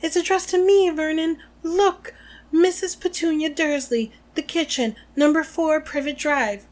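A woman reading aloud the lines of a stern, anxious middle-aged aunt in a brisk, snappish way. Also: high voice, steady tone, a little mellow, pitched above the performer's own voice.

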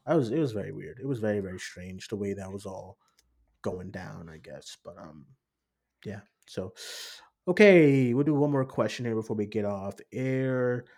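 A man hosting a casual movie discussion, rambling and animated, often acting out what others said. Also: mid-range voice. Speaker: podcast host.

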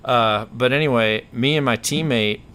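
A man's voice: mid-range voice, moderate pace, fairly bright tone, smooth. A man hosting a podcast, telling a story in a rambling, self-correcting way. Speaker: podcast host. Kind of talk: casual storytelling chat.

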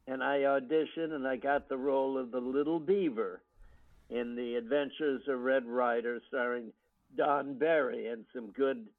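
An older American man, a guest actor, reminiscing in an interview with unhurried storytelling full of ums and restarts. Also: medium pitch, fairly even intonation. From United States. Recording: tinny phone-line audio.

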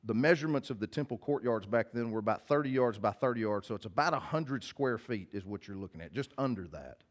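A man's voice: medium pitch, lively intonation, fast. A male pastor giving a casual, direct sermon, reading scripture aloud and then explaining it to listeners. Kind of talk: conversational sermon.

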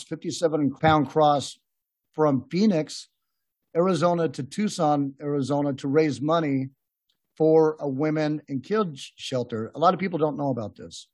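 A man's voice: a little high, normal speed, a little mellow, breathy edge, dry recording. A man hosting a podcast, telling rambling, laughing anecdotes in a casual chat with many restarts. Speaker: podcast host. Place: podcast room.

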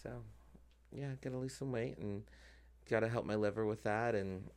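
A man with a very low, deep voice hosts a casual podcast chat. He talks freely with lots of "um"s and laughs often as he goes. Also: normal speed, a little mellow, clean tone. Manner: chatty, many fillers, laughs often. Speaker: podcast host and drag performer.

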